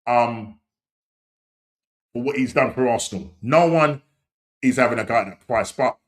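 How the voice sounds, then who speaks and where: A middle-aged man hosting a casual live-stream chat, rambling and leaning on "you know what I mean", with sudden excited outbursts. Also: medium pitch, normal speed. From England. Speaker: podcast host.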